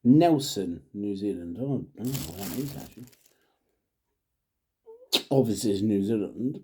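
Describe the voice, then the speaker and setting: A man's voice: fairly low pitch, a little fast, warm tone, slightly rough. A middle-aged man, chatting to camera in a rambling, jokey way while trying drinks, often muttering and trailing off. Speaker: vlogger reviewing drinks; father. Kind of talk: casual chat to camera.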